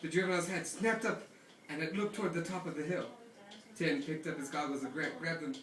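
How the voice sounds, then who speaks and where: A man's voice: fairly high pitch, steady tone, brisk, a bit bright. A man casually reading a novel aloud to friends in a cabin, often amused. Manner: amused, breaking into laughs. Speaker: reader. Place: lakeside cabin, indoors. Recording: echoey room, distant mic.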